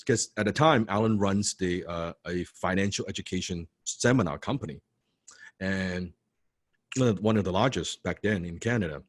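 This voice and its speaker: A man telling a personal story to an audience, excitable and swearing freely, full of restarts and "right?" tags. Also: low voice, normal speed, dry recording. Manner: restarts and repeats words often. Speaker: motivational speaker telling his story. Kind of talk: animated storytelling talk.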